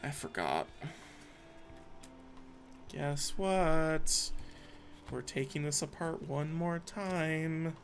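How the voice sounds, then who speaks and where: A young man talks to his stream while he works with his hands, half muttering to himself and swearing when things go wrong. His voice sits a little high and has a gravelly edge. He sounds stressed throughout, and faint music plays in the background. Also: expressive, very slow, long pauses. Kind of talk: live-stream talk while building a handheld console.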